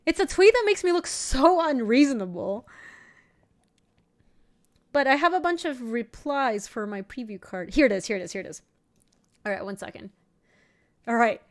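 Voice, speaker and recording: A young woman streamer chatting casually while playing a card game, telling an animated story with laughing asides. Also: a little high, moderate pace, long pauses. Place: home streaming setup.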